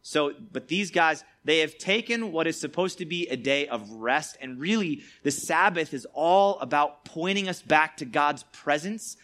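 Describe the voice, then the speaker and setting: A man's voice: fairly high pitch, animated, a little slow, hardly any pauses, fairly bright tone. Chatty man teaching a Bible lesson. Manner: chatty, peppered with "like" and "all right?". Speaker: youth preacher.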